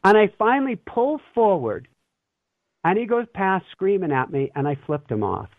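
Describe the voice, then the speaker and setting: A man's voice: high voice, big pitch swings, normal speed, no room sound. Earnest man on a tinny line. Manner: earnest, reflective, laughs often. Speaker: guest. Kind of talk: casual spiritual talk. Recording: tinny phone-line sound.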